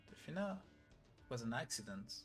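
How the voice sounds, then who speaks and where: A man's voice: mid-range voice, fairly quick, soft background music. A man reading as a desperate, protective young man. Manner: plain, flat read-through of game dialogue.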